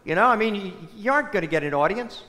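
A man preaching a sermon, telling stories in an animated way that swings between loud and soft. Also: high-pitched, quick pace. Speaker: priest. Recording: long hall reverb.

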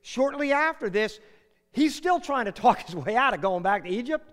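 A man delivers a sermon like a conversation, retelling a story and acting out the lines. His voice sits high and moves a lot in pitch. A long hall reverb trails every phrase. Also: lively intonation, normal speed, a bit bright. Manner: conversational storytelling with acted quotes and asides. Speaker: preacher.

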